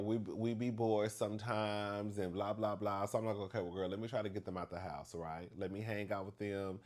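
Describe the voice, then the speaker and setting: A man telling a story to the camera in a chatty, animated way, acting out the dialogue with big emphasis and calling the listener "girl". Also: fairly low pitch. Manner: acts out dialogue with exaggerated emphasis.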